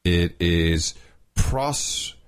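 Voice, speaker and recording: A man hosting a podcast, talking in a sarcastic, mocking, animated way. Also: low-pitched, extremely slow. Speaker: podcast host. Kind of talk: casual podcast talk.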